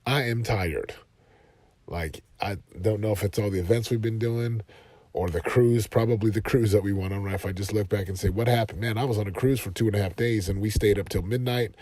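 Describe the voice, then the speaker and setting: A man in his thirties hosting a motivational podcast from his car, talking earnestly and rising to loud, passionate emphasis. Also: lowish voice, fairly quick, no room sound. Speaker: podcast host and life coach.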